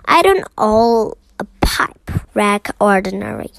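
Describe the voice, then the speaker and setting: A woman voicing a stern middle-aged father in a storybook, speaking in a gruff, disapproving way. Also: mid-range voice, expressive, takes it slowly, no echo, rough recording.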